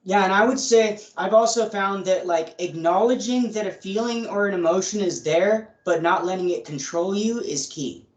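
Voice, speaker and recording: Man, podcast guest, high voice, keeps checking in with the listener, echoey room. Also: moderate pace, hardly any pauses. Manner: casual, repeats "you know what I mean". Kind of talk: casual interview. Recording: roomy echo.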